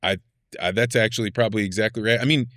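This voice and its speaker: A man hosting a podcast, thinking aloud and posing questions in quick, searching bursts. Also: fairly low pitch, steady tone, a bit bright, no room sound, clean studio sound. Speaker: podcast host. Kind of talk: casual conversation.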